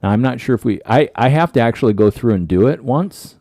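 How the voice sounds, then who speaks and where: A man's voice: medium pitch, expressive, quick pace, dark tone, no room sound. A man co-hosting a podcast in casual chat, his voice tired and scratchy, rambling and restarting his sentences. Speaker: podcast co-host.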